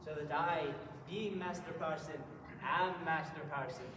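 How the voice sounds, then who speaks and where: A man's voice: on the high side, measured pace, natural voice. A teenage boy in a school stage play, playing a witty, mocking young jester in a teasing, sing-song way. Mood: playful. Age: late teens. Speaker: student actor. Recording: echoey hall from far off, audience noise.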